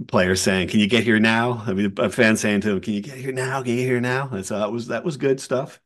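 A man hosting a casual sports podcast, a columnist who tells stories with energy and acts out other people's quotes. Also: a little fast. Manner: animated storyteller, acts out quotes in a high voice.

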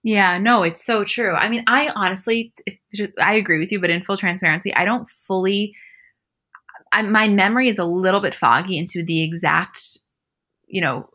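A young woman co-hosts a casual podcast recap and tells the scenes with a bright, forceful voice. She acts out the quotes animatedly, with her voice lifting when she plays the people in them. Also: medium pitch, moderate pace. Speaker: podcast co-host. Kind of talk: casual chat recapping a reality show.

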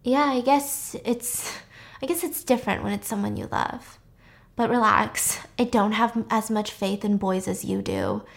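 A woman acting out a cold, taunting young woman avenger in a film recap, speaking with sarcasm and quiet menace. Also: mid-range voice, expressive, moderate pace, creaky.

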